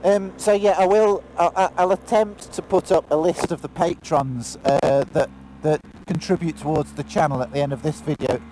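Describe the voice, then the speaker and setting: A man's voice: a little high, fairly even intonation, moderate pace, dark tone, slight background noise, rough recording. A man with a British accent chatting casually while riding a motorbike, rambling with many ums. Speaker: motorcycle vlogger. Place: on a motorbike outdoors.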